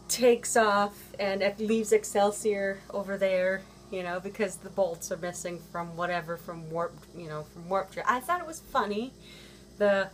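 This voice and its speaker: A woman's voice: mid-range voice, a little hiss or hum. Chatty rambling woman vlogger. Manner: rambling, chatty, with many fillers and restarts. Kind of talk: casual chat.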